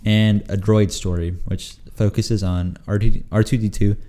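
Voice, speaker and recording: Young male podcast host, low mellow voice, hesitant, filler-heavy casual talk. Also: level tone, unhurried. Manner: hesitant, many fillers, laughs often. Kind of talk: casual chat.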